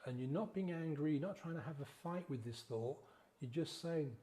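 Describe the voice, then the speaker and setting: A man guiding a slow, gentle breathing exercise as a sobriety coach, counting the breaths in a soothing way. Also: a little high.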